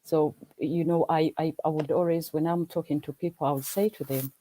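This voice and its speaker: Ugandan woman, English second language, warm low voice, dry close sound, earnest and self-repeating. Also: steady tone, brisk, no echo, rough recording. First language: not English. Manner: earnest, repeats words and restarts. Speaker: livestream guest. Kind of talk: casual chat. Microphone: video call.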